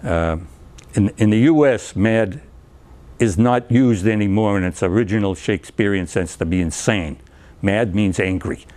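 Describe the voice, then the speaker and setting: An older man with a somewhat low voice gives an anecdotal lecture to a group. He talks in a chatty way, stumbles through fillers and restarts, and acts out the dialogue in his stories. Small chuckles come between his points. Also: normal speed, a little mellow. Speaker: speaker giving a talk on recovery therapy. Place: lecture room.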